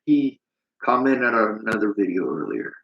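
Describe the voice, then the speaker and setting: A man's voice: fairly low pitch, sing-song, normal speed. A man hosting a livestream, ranting bitterly in a preachy way and reading out chat comments. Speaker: livestream host. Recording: roomy, dull lo-fi sound.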